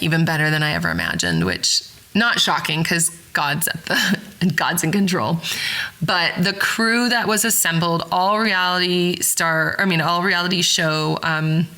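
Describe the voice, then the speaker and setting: A woman hosting a podcast, telling a story in a rambling, excited way and often correcting herself mid-sentence. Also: on the low side, rough recording. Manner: rambling, with frequent self-corrections and fillers. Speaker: podcast host. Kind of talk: casual storytelling.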